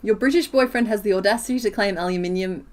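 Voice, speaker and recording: An Australian woman with a rural accent chats with her viewers while she crochets on a stream. She talks in a casual, giggly way and breaks into laughter often. Her voice sits in a middle pitch. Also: fast talker.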